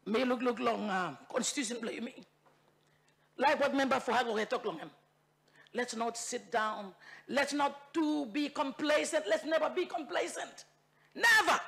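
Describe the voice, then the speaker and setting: Speaking at a normal speed, this high-pitched woman has a creaky, slightly bright voice. She is a member of parliament from Bougainville, Papua New Guinea, with a Papua New Guinean accent, giving a fiery, repetitive speech meant to rally the parliament chamber.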